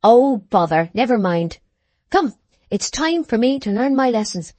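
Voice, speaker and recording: A woman's voice: fairly high pitch, big pitch swings, a little slow, darkish tone, dry recording. A woman reading the part of a boastful, teasing young boy in an audiobook, speaking with a superior air.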